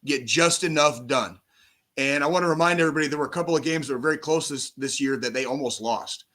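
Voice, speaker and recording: A man in his forties, a podcast co-host, talking football in casual chat, profane and animated, on a call mic. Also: a little high, fast talker. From United States. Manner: profane, animated sports ranting.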